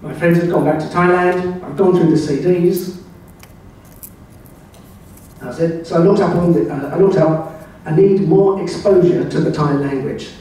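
An older man from England giving a slide presentation at a club, telling wry, anecdotal stories in a relaxed way. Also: fairly high pitch, measured pace, far from the mic. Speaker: club speaker. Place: club meeting room. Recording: very echoey room, voice heard from afar.

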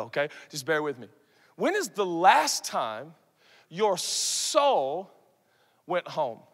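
Male pastor, 30s, high bright voice, animated stage sermon with shouts and hushed asides. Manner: animated, shifts from loud shouts to soft asides, acts out quoted voices. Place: large conference hall. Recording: long hall reverb.

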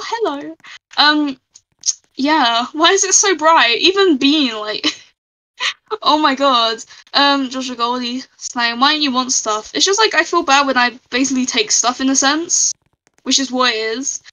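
A woman's voice: sits high, measured pace, sharp tone, poor audio. A woman live-streaming a game, chatting casually and giggling as she reads out her chat.

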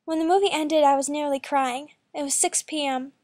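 A woman reading a first-person fan fiction story aloud in a plain, quick way. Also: high voice, steady tone, darkish tone. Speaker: story reader.

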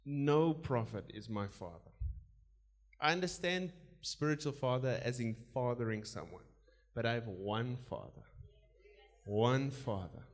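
A man preaching a sermon, moving from quiet asides to loud calls, laughing between points and praying in tongues. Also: mid-range voice, measured pace. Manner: animated preaching, swinging between soft asides and loud exhortation.

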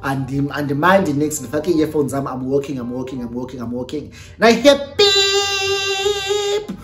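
A young South African vlogger tells a personal story with lively energy, moving between English and Xhosa mid-sentence. The voice sits at a middling pitch. The room has a noticeable echo, and soft music plays underneath. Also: fairly quick. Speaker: YouTuber. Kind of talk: storytime vlog. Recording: roomy echo with faint music.

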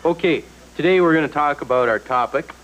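An actor with a Canadian accent playing a goofy host of a small talk show who rambles with lots of "like" and "eh". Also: male voice, on the high side, fairly quick, a bit bright, lo-fi sound, slight background noise, lightly acted. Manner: giggly, rambling, filler-heavy.

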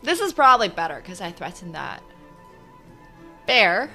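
Woman, chess stream commentary, bouncy animated pitch, mutters then blurts out loud. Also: moderate pace, soft background music. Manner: excitable, swings from muttering to loud outbursts. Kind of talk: live commentary while playing online chess.

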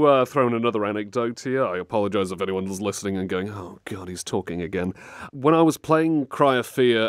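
A man hosting an interview, asking questions and telling lively anecdotes in a chatty way. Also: lowish voice, dry recording, clean studio sound. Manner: chatty, animated storytelling. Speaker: interview host. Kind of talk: casual interview chat.

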